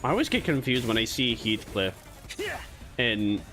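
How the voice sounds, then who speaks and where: A man's voice: mid-range voice, very animated, normal speed. A man casually commenting on his gameplay as a streamer, playful and rambling, laughing and chatting with viewers. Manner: playful, rambling, laughs often, talks to chat. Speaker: VTuber streamer. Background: game music and game character voices.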